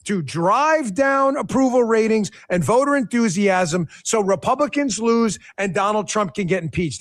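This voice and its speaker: A middle-aged man hosting a political talk show, giving emphatic, sarcastic commentary and speaking straight to his viewers. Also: very high voice.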